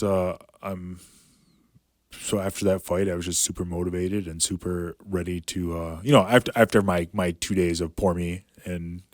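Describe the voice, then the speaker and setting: A man's voice: sits low, dry recording, clean studio sound. A man in his thirties, a professional fighter, talking casually as a podcast guest and rambling with lots of filler words. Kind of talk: casual storytelling chat.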